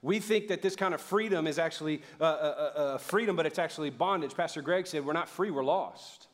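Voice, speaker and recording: A middle-aged male pastor preaching a sermon in a lively, conversational way, calling on the audience to respond. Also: on the high side, fast. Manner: casual, conversational asides.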